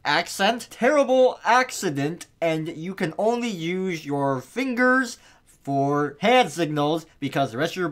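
A man's voice: on the high side, fairly bright tone. A man commenting on a video game as he plays, crude and jokey, laughing often. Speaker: gameplay commentator. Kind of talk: let's play commentary.

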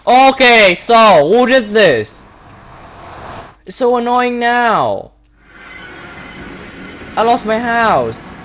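A man's voice: very high-pitched, very animated, very slow, long pauses, a bit bright. A man giving gameplay commentary, upset and complaining, repeating himself and stumbling over his words. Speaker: Minecraft YouTuber. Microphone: desktop setup with webcam.

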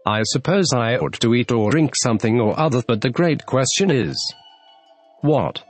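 A man's voice: medium pitch, animated, normal speed, soft background music, natural voice. A man voicing a polite, earnest young girl who is puzzled.

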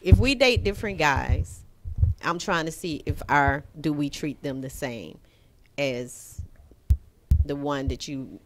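Low-voiced woman host asking questions. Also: takes it slowly, a little hiss or hum. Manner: probing questions, laughs easily. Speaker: talk show host. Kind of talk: casual relationship chat.

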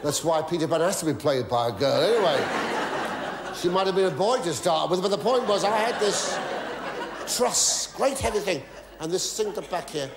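A man's voice: high-pitched, expressive, moderate pace, reverberant, background noise. A male comedian telling a story on stage, stammering and muttering gossipy asides, then breaking into sudden shrieks and mock pleas to the audience. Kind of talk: stand-up storytelling to a live audience. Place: theatre stage. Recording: live theatre recording with audience laughter. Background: audience laughing.

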